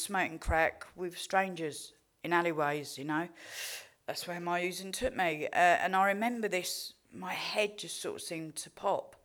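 A woman's voice: fairly low pitch, a bit bright. An English woman giving a candid, heartfelt recovery testimony, swearing freely and telling her story with animation. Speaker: recovery speaker.

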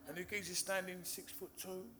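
Brief: man, recovering addict, candid storyteller, swears freely, slightly high voice, noisy hiss underneath. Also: flat delivery, normal speed, pushed and bright. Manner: swearing, laughing, mimics the voices of people in his story.

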